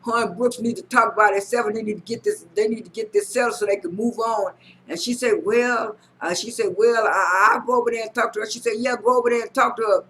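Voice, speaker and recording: Halting high-voiced man recapping a show. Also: steady tone, bright, forceful tone, poor audio. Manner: halting, many repeated fillers and restarts. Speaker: recap vlogger. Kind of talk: casual episode recap.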